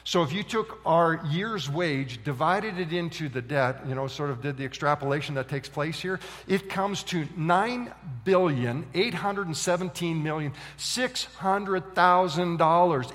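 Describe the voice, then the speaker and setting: A man preaching a sermon, telling a story with animated voices for its characters. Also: fairly high pitch, a little slow, hardly any pauses. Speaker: pastor. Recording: long hall reverb.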